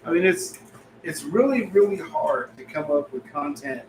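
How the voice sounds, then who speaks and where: A man's voice: a little high, expressive, normal speed. A man co-hosting a casual talk show, laid-back and agreeable, who swears freely and rambles. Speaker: podcast co-host. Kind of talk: profane casual chat. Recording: echoey room, far from mic, background hiss.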